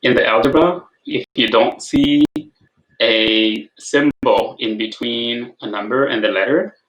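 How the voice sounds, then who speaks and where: A man's voice: mid-range voice, unhurried, fairly bright tone, lo-fi sound. A man tutoring algebra over a video call, patient, repeating his prompts and checking for understanding. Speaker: math tutor. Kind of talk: online tutoring session.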